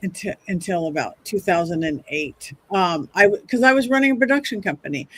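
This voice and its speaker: A middle-aged woman and psychic medium, telling stories on a podcast in a chatty, animated way, often restarting her sentences. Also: lowish voice, brisk, breathy edge, dry recording. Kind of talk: casual podcast storytelling.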